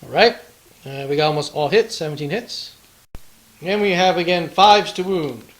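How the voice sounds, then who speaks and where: A man's voice: fairly high pitch, normal speed, rough recording. A man hosting a tabletop wargame battle report, chatting casually through the play, counting dice aloud and throwing in playful taunts.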